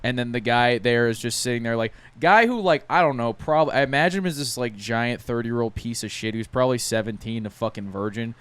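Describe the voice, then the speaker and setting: A young man on a casual podcast, telling profane, animated stories and acting out the people in them. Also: mid-range voice, fairly quick, few pauses, clean tone. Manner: animated storytelling, profane, acts out voices. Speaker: podcast co-host.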